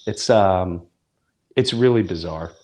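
A man in his fifties, a comedian chatting on a podcast, animated and acting out voices with loud outbursts. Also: low voice, slow. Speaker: guest comedian. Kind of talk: casual podcast chat.

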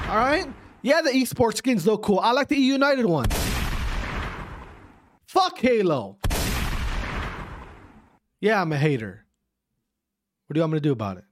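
A young man giving a profane, heated esports rant, repeating himself and dropping to quiet asides. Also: sits high, sing-song, measured pace, long pauses, a little hiss or hum. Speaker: esports commentator. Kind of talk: ranting casual commentary.

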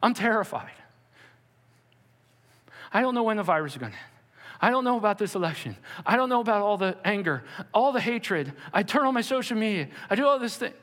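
A man voicing an anxious churchgoer who rushes through a list of worries in a breathless ramble. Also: sits high, a bit bright, in a large hall, pitched above the performer's own voice. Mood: panicked. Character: anxious frightened churchgoer, overwhelmed by worry.

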